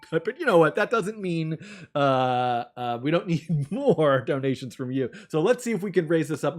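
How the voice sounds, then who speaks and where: A man hosting a live-stream fundraiser, talking enthusiastically with lots of ums and restarts. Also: a little high. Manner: enthusiastic, animated, with frequent fillers and restarts. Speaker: livestream host.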